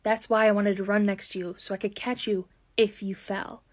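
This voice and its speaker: A woman voicing a soft-spoken romantic young man in a love story she tells. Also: level tone, normal speed, natural voice. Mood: tender. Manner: hushed, low murmur.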